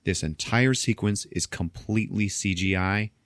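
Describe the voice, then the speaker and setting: Man, podcast host, low voice, casual film recap, laughs a lot, swears, very dry close sound. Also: normal speed, no room sound. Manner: animated storytelling, frequent laughter, swearing.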